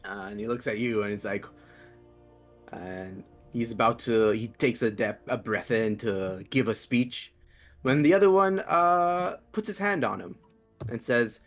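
A man's voice: mid-range voice, measured pace, highs cut off, faint music behind. A man narrating as game master in a tabletop game, chatty and hesitant, with many fillers.

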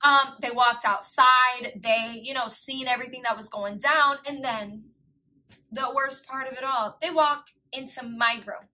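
A young adult woman vlogger telling a casual storytime, animated, slangy and full of swearing. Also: sits high, measured pace, rough recording.

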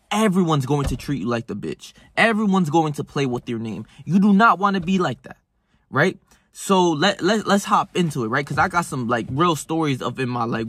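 A young self-help vlogger delivers a blunt, profane motivational monologue to camera, packed with "right?" and restarts. His voice is on the high side, fairly bright and slightly rough.

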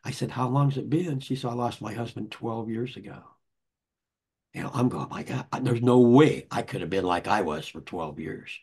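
A man's voice: mid-range voice, normal speed, a little mellow, husky. An older man, an author, telling anecdotes in a rambling conversational way with many restarts. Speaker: author and guest. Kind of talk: conversational storytelling.

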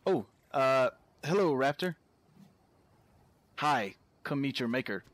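Lively, drawling male gamer. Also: mid-range voice, slow pace, a little hiss or hum. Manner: chatty, talks to viewers, easily startled, yelps and laughs. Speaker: gameplay commentator. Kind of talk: casual let's-play commentary.

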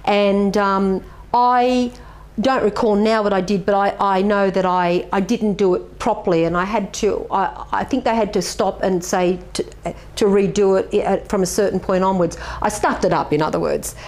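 Woman, middle-aged martial arts master, interviewee, earnest and animated, mid-range voice. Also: mid-range voice, normal speed. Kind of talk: reflective interview answers.

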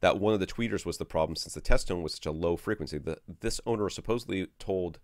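A man's voice: sits low, fast, no room sound, clean studio sound. A man co-hosting a casual audio podcast, reading listener questions and reacting animatedly, often restarting his sentences. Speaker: podcast co-host. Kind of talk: casual chat.

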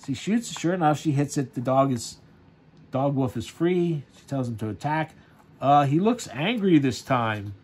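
A man's voice: medium pitch, animated, normal speed, a little mellow, slightly rough. A man casually reviewing a comic, rambling with many fillers and chuckles.

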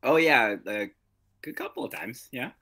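Playful man, comedy podcast co-host, bright voice, bouncy delivery. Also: mid-range voice, very animated. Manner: playful, quick to laugh, chatty. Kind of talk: casual comedic chat.

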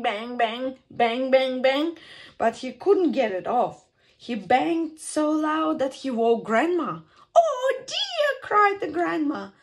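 A woman reading a children's picture book aloud at storytime, with an expressive, sing-song delivery and dramatic pauses. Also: on the high side.

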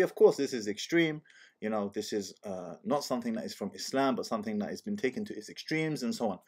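Male host, casual commentary, animated storytelling, rhetorical questions. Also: mid-range voice, husky. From Algeria.

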